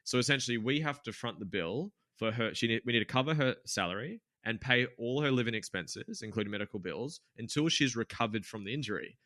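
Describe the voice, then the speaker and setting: A man's voice: lowish voice, bright, forceful tone, dry recording, clean studio sound. A man in his twenties, a podcast guest and gym owner, telling a candid story with lots of swearing, fillers and restarts. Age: 20s. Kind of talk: casual storytelling interview.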